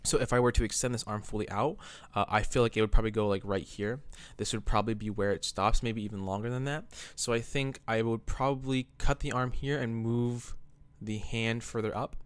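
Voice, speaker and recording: A man's voice: mid-range voice, steady tone, fairly quick, clear, resonant tone, dry recording. A man casually talking through his own drawing in a rambling, laid-back, self-deprecating way, a bit out of breath. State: slightly out of breath. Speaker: artist vlogger. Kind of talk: casual commentary over drawing.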